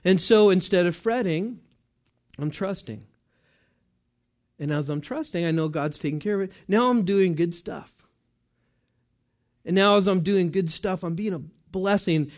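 A man's voice: high-pitched, a little mellow. A man preaching a conversational sermon as a pastor, asking the congregation questions and answering in little voiced asides.

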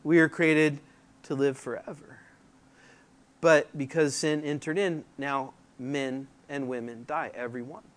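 Slow, deliberate pastor teaching scripture. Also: male voice, fairly high pitch, fairly even intonation. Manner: slow and deliberate, rising loudly when reading scripture aloud; conversational asides with fillers. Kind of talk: sermon, verse-by-verse Bible teaching.

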